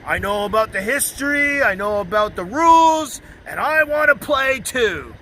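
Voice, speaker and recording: A man putting on a mocking voice of a loud, boastful man who claims to know everything, shouting and whining. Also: extremely high pitch, animated, normal speed, a little hiss or hum, full character voice, low-quality recording.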